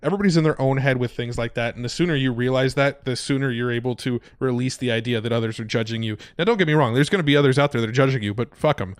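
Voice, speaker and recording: A man's voice: mid-range voice, very fast, few pauses, clear, resonant tone, dry recording, clean studio sound. A young man co-hosting a podcast, chatting casually and rambling with fillers and restarts. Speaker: podcast co-host. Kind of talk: casual chat.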